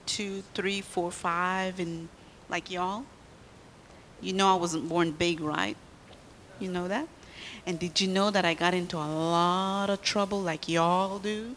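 A woman's voice: lowish voice, unhurried, fairly bright tone, in a large hall, slight background noise. A woman giving a children's sermon in church, telling a story and quizzing the kids as she goes.

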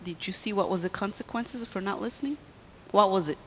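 A woman's voice: mid-range voice, a little fast, in a large hall, slight background noise. A woman giving a children's sermon in church, telling a story and quizzing the kids as she goes.

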